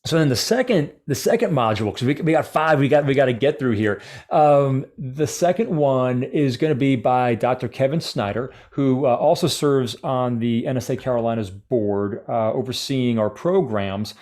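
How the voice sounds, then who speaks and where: A man explains a training program in a casual conversation. He talks with eager energy at a middle pitch and often trips into small restarts and fillers. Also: moderate pace, few pauses, a little mellow. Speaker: speaker academy organizer. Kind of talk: casual video-call chat.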